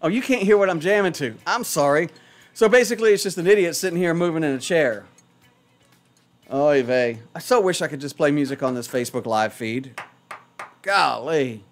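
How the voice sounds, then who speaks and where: A man's voice: a little high, lively intonation, moderate pace, soft background music. A man hosting a morning radio show in a studio, chatting casually and poking fun at himself as he rambles. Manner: rambling, self-mocking, chatty. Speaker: radio host.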